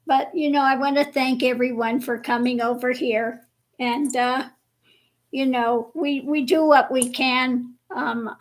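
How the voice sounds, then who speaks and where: A woman hosting a casual livestream chat with viewers, slow and chatty, laughing often, with her voice a bit worn. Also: high voice, low-quality recording. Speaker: livestream host.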